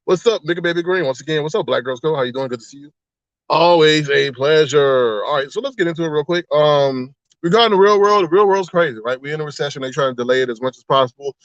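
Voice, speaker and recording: A man with a high voice hosts a casual livestream in a teasing, gossipy tone, greeting his viewers one at a time. He laughs often and slips into exaggerated outbursts. The sound is dry and a little dull, like a lo-fi webcam mic. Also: lively intonation, fast, no echo. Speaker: livestream host.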